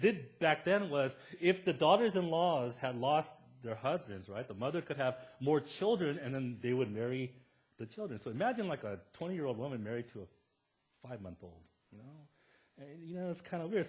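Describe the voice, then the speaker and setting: A man preaching a sermon as a pastor in a church. He retells a Bible story in a lively way and acts out the characters' words in a raised voice. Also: a little high, moderate pace. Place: church sanctuary.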